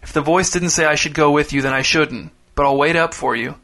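A man voicing a tired father of thirty-eight who speaks quietly and dryly in a storybook reading. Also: a little high, a little fast. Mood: hushed. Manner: quiet, hushed at night. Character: tired thirty-eight-year-old father, detached and dry.

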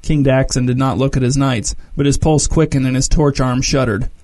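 A man reading a story aloud as narrator, measured and descriptive. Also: mid-range voice, fairly even intonation, a little mellow.

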